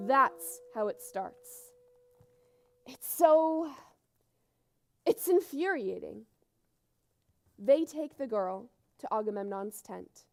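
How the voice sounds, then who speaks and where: An actress narrating an epic on stage, switching between chatty asides and dramatic telling, in a live theater performance. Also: on the high side. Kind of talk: theatrical storytelling. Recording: loud music under the voice.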